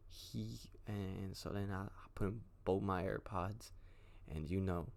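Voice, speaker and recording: Deep gravelly young man telling a story. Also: a little mellow. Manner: slangy, profane, rambling. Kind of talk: casual storytime.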